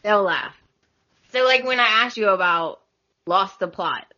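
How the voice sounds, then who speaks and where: Southern woman, bright voice, giggly podcast guest, dull lo-fi audio. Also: medium pitch, lively intonation, measured pace. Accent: Southern American. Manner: giggly, chatty, lots of "like" and "y'all". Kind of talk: casual podcast chat.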